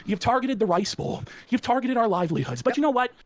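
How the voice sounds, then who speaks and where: A man delivering an aggressive, profane rant, taunting and bursting into shouts. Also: extremely high pitch, animated, fast.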